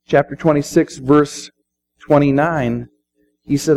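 A man's voice: fairly high pitch, measured pace, mellow, low-quality recording. A middle-aged man preaching a sermon, speaking conversationally and quoting scripture. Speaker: pastor.

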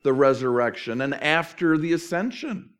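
A middle-aged man preaching a sermon, conversational and lively, tossing in rhetorical questions and quoted asides. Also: a little high, normal speed, clear, resonant tone. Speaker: pastor.

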